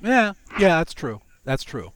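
A man's voice: fairly high pitch, sing-song, a little slow, a bit bright, a little hiss or hum. A man hosting a casual tech podcast, talking in a wry, joking way. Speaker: podcast host.

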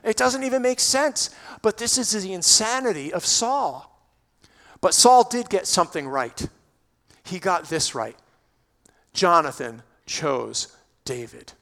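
A man preaching a sermon in a church, expressive, building to emphatic peaks. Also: high voice, slow. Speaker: pastor. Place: church sanctuary.

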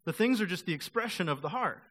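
A man's voice: sits high, lively intonation, fast, a bit bright. A male pastor preaching a sermon in a casual, conversational way, acting out quoted voices of the people he talks about.

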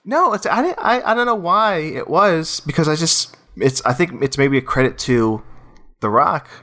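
A man's voice: fairly high pitch, animated, normal speed, bright, forceful tone. A man hosting a casual film-discussion podcast, who rambles and restarts his sentences a lot. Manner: rambling, full of restarts and "you know".

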